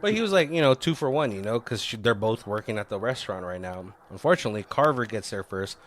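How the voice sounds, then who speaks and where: A man's voice: lowish voice, expressive, fast, fairly bright tone. Rambling, swearing man recapping a movie. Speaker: podcast co-host. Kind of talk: casual movie recap chat.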